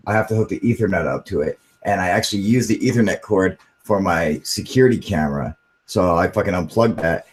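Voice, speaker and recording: Dude cursing every other word on a livestream, kinda low voice, laid back. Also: male voice, a little mellow, low-quality recording. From United States. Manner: profane, laid-back, says dude a lot. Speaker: livestream host. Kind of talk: casual livestream chat.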